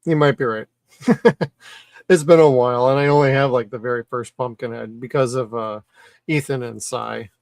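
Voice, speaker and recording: A man's voice: mid-range voice, fairly even intonation, moderate pace, vocal fry, darkish tone, dry recording, studio quality. A man co-hosting a podcast in casual chat, easygoing with blunt opinions. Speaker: podcast co-host.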